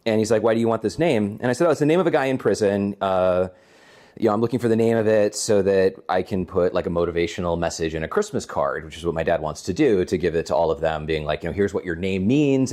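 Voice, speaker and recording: A man with a fairly low voice chats casually from home while co-hosting a game stream. He rambles through long stories, doubling back on himself and chuckling as he goes. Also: darkish tone. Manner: rambling storyteller, chuckles often. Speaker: co-host of a gaming channel.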